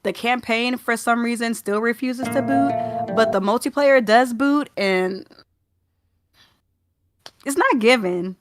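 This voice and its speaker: A woman's voice: on the high side, takes it slowly, long pauses, music in the background. A young woman with a Southern US accent, co-hosting a gaming podcast in casual, rambling chat full of fillers and restarts. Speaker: podcast co-host.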